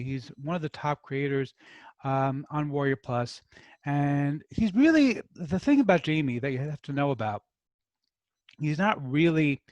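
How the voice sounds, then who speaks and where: A New York man hosts a review channel, joking around casually with his viewers in a voice on the high side and free of any regional accent. The recording is dry, and he comes across as jokey and chatty, speaking straight to his audience.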